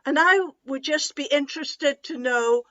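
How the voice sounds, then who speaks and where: A woman's voice: high-pitched, moderate pace, a bit bright. A woman, a religious sister, earnestly asking a question on a video call, hesitant with ums and repeated words. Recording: dull lo-fi video-call audio.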